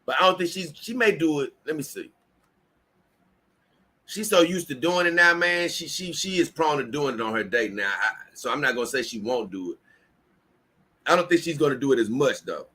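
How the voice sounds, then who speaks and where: A man's voice: a little high, expressive, normal speed, pushed and bright, husky. A tired man hosting a casual livestream, reading viewer comments aloud and rambling with many restarts. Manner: rambling, repeats himself and restarts often. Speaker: livestream host.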